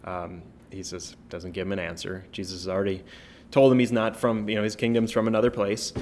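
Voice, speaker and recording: A man with a lowish voice gives an informal Bible lesson as a pastor. He talks casually, restarting phrases and asking "right?" often, then moves into a quiet prayer. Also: little pitch movement, fairly quick, slight background noise. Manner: conversational, many fillers and tag questions; prays softly at the close.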